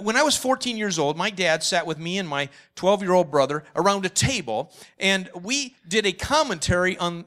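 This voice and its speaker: A man's voice: sits high, pushed and bright. A man speaking enthusiastically at a parenting seminar, sharing lessons and memories.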